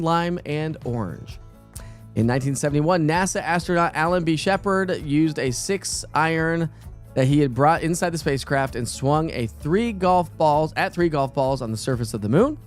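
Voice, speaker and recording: A man's voice: a little high, animated, moderate pace, soft background music. A middle-aged man, hosting a casual morning weather show in a chatty, rambling way with lots of fillers. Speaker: TV weather forecaster.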